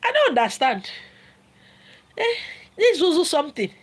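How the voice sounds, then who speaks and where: A middle-aged woman with a Nigerian accent, talking casually on a livestream, animated and laughing often, switching between Pidgin and Igbo and acting out quotes. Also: high voice, moderate pace. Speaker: livestream host.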